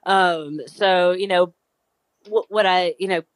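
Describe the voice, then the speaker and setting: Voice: medium pitch, steady tone, slow, clean tone, no echo. A podcast co-host talking casually in a rambling, reflective way, full of fillers. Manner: rambling and reflective, with many "you know" fillers. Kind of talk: casual conversation.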